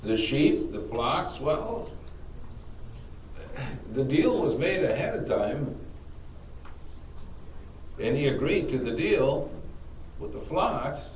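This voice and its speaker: A man, a priest, leading a Bible study class, speaking haltingly, repeating words and putting questions to the group. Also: a little high, very animated. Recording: echoey room, mic far off, faint noise.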